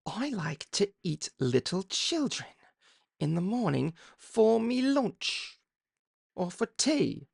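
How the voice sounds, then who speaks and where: Brief: man putting on demonic little tank engine, mock-British, shrill and drawled, gravelly edge. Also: big pitch swings, takes it slowly, no echo, clean studio sound, full character voice. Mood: mock sinister. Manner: mock British voice, gleeful and profane. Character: menacing soul-eating male tank engine.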